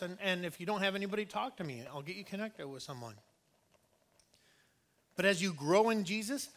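A man's voice: high-pitched, fairly bright tone. A man preaching a sermon as a pastor, earnest and emphatic, speaking conversationally with frequent restarts.

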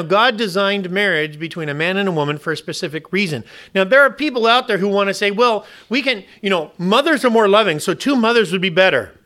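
A man delivers a sermon in a high, bright voice. He speaks emphatically, throws questions out to the congregation, and often restarts or repeats words mid-sentence. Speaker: preacher.

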